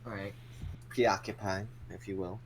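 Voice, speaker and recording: A man's voice: on the low side, fairly even intonation, normal speed, slight background noise, poor audio. A man playing in a tabletop game, talking in a joking, playful way. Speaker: player. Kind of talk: casual chat during a tabletop game.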